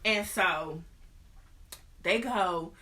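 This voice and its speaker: Animated, slangy woman host. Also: lowish voice, extremely slow. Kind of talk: casual storytelling.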